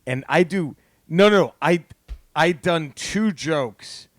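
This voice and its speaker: A man from Texas, a comedian and podcast host, telling a story in casual chat, animated and swearing, laughing through it. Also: on the high side, slow, no room sound, clean studio sound.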